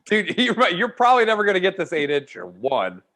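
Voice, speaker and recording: A man's voice: sits high, wildly swooping pitch, fairly quick, sharp tone. A man in casual podcast chat, teasing the others and laughing a lot.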